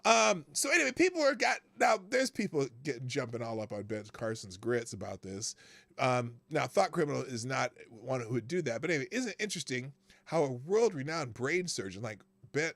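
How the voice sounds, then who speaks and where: Man, live talk show host, lively pitch, gravelly edge, chatty, laughs a lot. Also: no room sound. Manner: animated, laughing, greets chat viewers by name. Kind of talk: casual political commentary, live stream.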